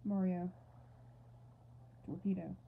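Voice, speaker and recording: A woman's voice: lowish voice, level tone, slow, creaky, slight background noise. A woman doing playful, goofy gameplay commentary with mock outrage and silly asides. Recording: thin phone-like audio.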